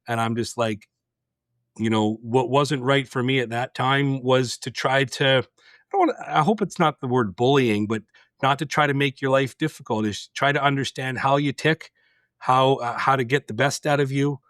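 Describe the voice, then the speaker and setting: This middle-aged podcast host speaks at a moderate pace in a medium-pitched, slightly bright voice. He tells his story with directness and intensity, performing the dialogue in a casual storytelling chat. The recording is dry and studio quality.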